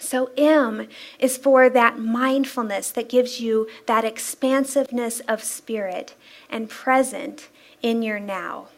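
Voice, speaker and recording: A woman with a high, light voice gives a Sunday talk from the front of a church. She tells stories in a lively, playful way and laughs often between her points. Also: takes it slowly. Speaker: spiritual practitioner giving a Sunday talk. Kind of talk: inspirational sermon-style talk. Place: church sanctuary.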